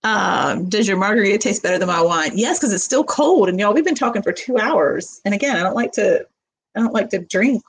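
A woman's voice: medium pitch, animated, a little fast, slightly rough, low-quality recording. A middle-aged woman, hosting a casual live question-and-answer chat, rambling with lots of fillers. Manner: chatty, rambling, many fillers. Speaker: livestream host.

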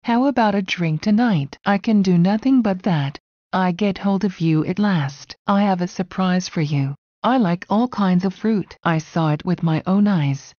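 A woman reading short English phrases aloud one at a time, in an even, deliberate way. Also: fairly low pitch, dry recording, highs cut off.

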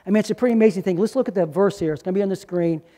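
A man's voice: high voice, rapid-fire, dark tone, in a large hall. A male pastor preaching a sermon, asking rhetorical questions and repeating key lines for emphasis.

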